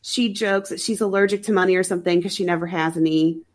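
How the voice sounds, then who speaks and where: A woman's voice: lowish voice, fairly even intonation, fast. A woman sounding a little sick, co-hosting a podcast and recapping a movie in wry, chatty talk with frequent laughs. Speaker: podcast co-host. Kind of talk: casual chat recapping a movie.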